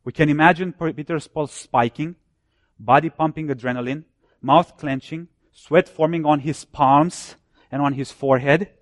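Emphatic preacher man, higher voice. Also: steady tone, normal speed, no echo, studio quality. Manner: emphatic, building repeated phrases. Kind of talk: sermon.

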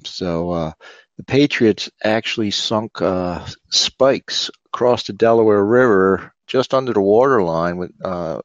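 Male guest with a Philadelphia accent, deep, meandering delivery, dull dry recording. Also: no echo. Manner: rambling, many fillers and restarts. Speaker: interview guest, fort host. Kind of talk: casual interview chat.

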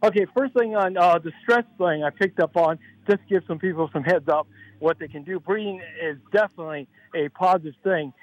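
A male caller on a radio phone-in who rambles on in long, earnest run-on stretches. His voice is a little high for a man, with a close, dry sound. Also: a little fast, no room sound, dull audio. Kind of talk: phone-in call to radio show.

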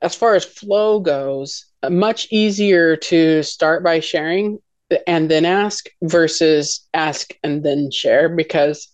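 A woman co-hosting a faith podcast, gently sharing advice on talking with a spouse, with many "um"s and "like"s. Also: low voice, slow, no room sound. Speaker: podcast co-host. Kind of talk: casual faith talk.

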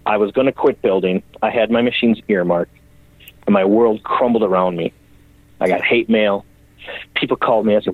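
A custom bicycle builder, appearing as a podcast guest, tells his story bluntly and emotionally, swearing frequently. His lowish voice is steady and fairly quick, and the remote call audio sounds dry and phone-like.

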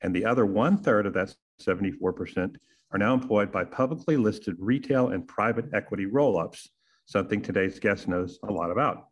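A man's voice: on the low side, animated, fairly quick, slightly rough. A man, hosting a podcast and delivering a sarcastic, punchy opinion monologue full of rhetorical questions. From Texas. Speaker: podcast host.

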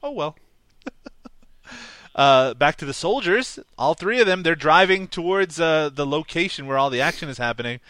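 A man chats casually on a movie podcast, walking through scenes and laughing often. His voice is bright and a little high, with lively swings in pitch. The sound is dry and close. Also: normal speed, clean tone, dry recording. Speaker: podcast co-host. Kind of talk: casual movie-review chat.

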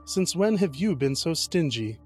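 A man's voice: a little high, big pitch swings, measured pace, darkish tone, soft background music. A man voicing a fearless, mocking male soldier in a fairy tale. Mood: defiant. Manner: defiant, mocking.

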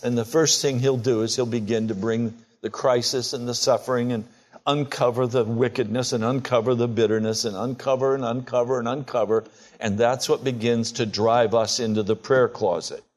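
Here a preacher in his sixties holds a steady tone at normal speed, his voice on the darker side. He is emphatic throughout and dramatizes prayers with a rising pitch.

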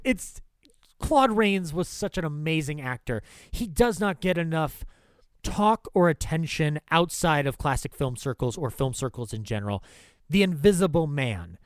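A man chatting on a film podcast, voice sitting a bit high and recorded dry and close. He gets excitable, swears freely, and jumps into voicing movie characters as he retells scenes. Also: moderate pace, dry recording. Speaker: podcast host. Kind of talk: casual film podcast chat.

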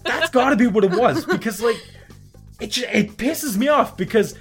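Young guy on a podcast ranting through a story, cusses a lot, does the voices, soft music under it. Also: very high voice, moderate pace, breathy edge. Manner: animated, swearing, acts out quotes. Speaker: podcast co-host. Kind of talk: casual storytelling chat.

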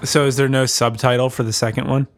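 A man's voice: medium pitch, flat delivery, quick pace. A young man from Minnesota, co-hosting a podcast in casual chat, teasing and cursing and cutting in. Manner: teasing, crude, interrupting. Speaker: podcast co-host.

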